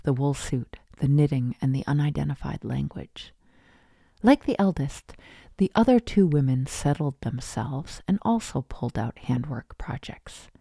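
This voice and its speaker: Low, dark-voiced woman narrating a story. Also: no echo, studio quality.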